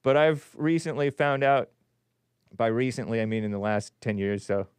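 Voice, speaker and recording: A man's voice: mid-range voice, normal speed, clear, resonant tone, no echo, clean studio sound. A man hosting a call-in show, reading news aloud with sarcastic, rambling asides and chuckles. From California. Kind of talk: casual live-stream commentary.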